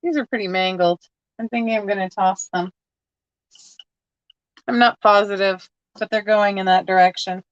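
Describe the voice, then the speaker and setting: A woman's voice: mid-range voice, fairly even intonation, moderate pace, long pauses, smooth, no echo, highs cut off. A woman chatting casually to viewers while sorting through a box of odds and ends, rambling and laughing at herself. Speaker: crafting vlogger. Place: at home.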